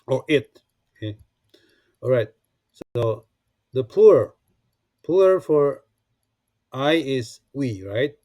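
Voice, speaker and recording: A man's voice: medium pitch, expressive, takes it slowly, pauses often, mellow, dry recording, studio quality. A man teaching a beginner language lesson from a textbook, patiently repeating words and checking in with "okay?" after each point. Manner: frequent restarts and fillers while explaining.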